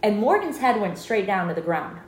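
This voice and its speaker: A woman's voice: mid-range voice, a little fast. A woman co-hosting a podcast, telling a personal story in casual chat and acting out the voices of the people in it. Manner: animated storyteller, acts out quotes, laughs often. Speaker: podcast co-host. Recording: echoey room, faint noise.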